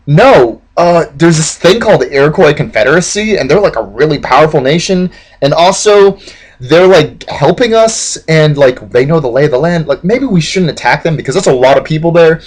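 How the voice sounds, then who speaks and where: A man's voice: on the high side, animated, fairly quick. A man voicing exasperated British officials who plead with colonists in casual slang. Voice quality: casual modern slang, dude and like.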